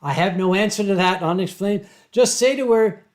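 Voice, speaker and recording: Man, from Pennsylvania, livestream host, casual chat, theatrical drawn-out emphasis, webcam mic. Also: sits high. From Pennsylvania, USA. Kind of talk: casual livestream chat, reading viewer comments.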